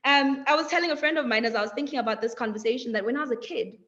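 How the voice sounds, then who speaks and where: A young woman with a high voice gives a reflective motivational talk, letting her phrases stretch out and tagging them with "right?". The audio is a bit dull and muffled, like a typical webinar call. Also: fairly bright tone. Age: young adult. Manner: measured, drawn-out phrasing, frequent "like" and "right?". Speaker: webinar speaker.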